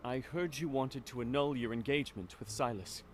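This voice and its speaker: A man's voice: medium pitch, normal speed, soft background music, close to an everyday voice. A man voicing a presumptuous young male nobleman suitor in a game, who speaks in a timid, stammering way. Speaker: game character. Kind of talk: voiced game dialogue. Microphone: game audio captured in a stream.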